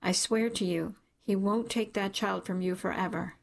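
A woman's voice: medium pitch, steady tone, normal speed, gravelly, close to an everyday voice. A woman reading an audiobook, voicing a fierce middle-aged servant woman who argues urgently and indignantly. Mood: comforting.

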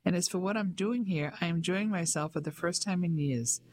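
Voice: medium pitch, fairly quick, dry recording, lightly acted. A narrator doing a cheerful middle-aged English woman.

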